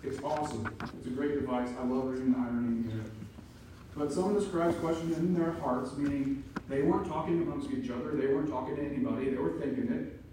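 A man preaching an emphatic sermon as pastor, building to loud peaks. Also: mid-range voice, fairly even intonation, fast talker, background noise. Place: church sanctuary. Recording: echoey room from far off.

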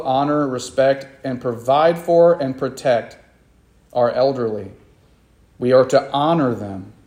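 Man, pastor, sermon, earnest, emphatic, repeats lines, dark mellow voice, roomy echo. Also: fairly high pitch.

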